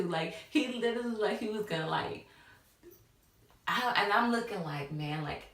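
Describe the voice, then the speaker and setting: A woman's voice: medium pitch, lively intonation, moderate pace, a bit bright, recorded from a distance. Young woman telling a storytime vlog. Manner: casual, many fillers, acts out quotes. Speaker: vlogger. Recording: echoey room, off-mic.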